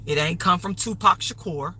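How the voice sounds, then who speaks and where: A woman's voice: lowish voice, normal speed, pushed and bright, slight background noise, low-quality recording. A woman hosting a livestream, delivering an angry, profane, repetitive rant. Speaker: livestream host.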